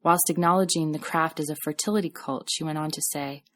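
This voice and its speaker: A woman podcast host reading scripted storytelling narration in a measured, reflective way. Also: low voice, fairly even intonation, a bit bright.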